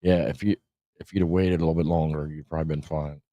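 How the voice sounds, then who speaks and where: Deep, dark-voiced profane man. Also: steady tone, fast talker, dry recording. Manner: rambling, profane, laughs often. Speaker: podcast host. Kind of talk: casual livestream chat. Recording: dull lo-fi stream audio.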